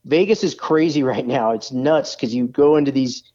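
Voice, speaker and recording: A man calls into a show and talks casually about his business, halting and full of fillers. His voice comes through a dull, muffled line. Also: mid-range voice, dark tone. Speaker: guest store owner. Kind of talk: casual interview.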